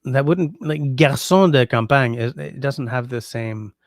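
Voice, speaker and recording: Reading viewer comments on a casual livestream, the host thinks out loud about how to put various phrases into French. His mid-range voice has a gravelly edge and a slightly slow delivery, recorded close and dry.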